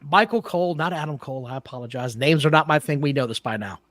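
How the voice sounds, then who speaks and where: A man's voice: a little high, expressive, fast talker, a bit bright, no room sound. A man co-hosting a wrestling podcast, blunt and opinionated, who often trips over names. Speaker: podcast co-host. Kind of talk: casual wrestling talk.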